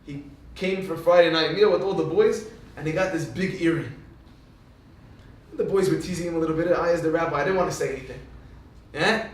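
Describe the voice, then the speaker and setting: A man's voice: a little high, fairly quick. A male rabbi giving a Torah lecture, telling stories animatedly and acting out what people said. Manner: animated storyteller who acts out quoted speech. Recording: echoey hall, speaker far from mic.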